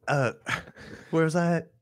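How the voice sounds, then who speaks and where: Profane man telling a rowdy story. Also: on the high side. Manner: animated, profane, laughing. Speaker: podcast host. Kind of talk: casual storytelling.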